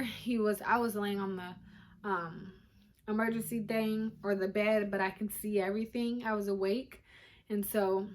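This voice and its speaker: Young woman, casual storytime vlog, chatty and emotional, phone recording, faint hiss. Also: fairly high pitch. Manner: chatty, emotional, addresses viewers directly. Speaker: vlogger. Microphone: phone camera.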